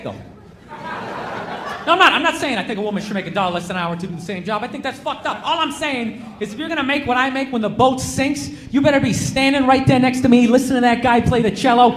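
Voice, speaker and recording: A man doing a stand-up comedy set in front of a crowd, ranting loudly and sarcastically, often shouting. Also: very high-pitched. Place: comedy club stage with a laughing crowd. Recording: echoey room with crowd noise.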